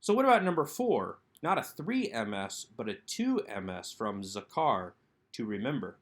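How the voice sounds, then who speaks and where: A man narrating a recorded language lesson over slides, sounding out words slowly and carefully. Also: on the low side, huge pitch swings. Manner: slow, careful enunciation of Hebrew words. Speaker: Hebrew teacher.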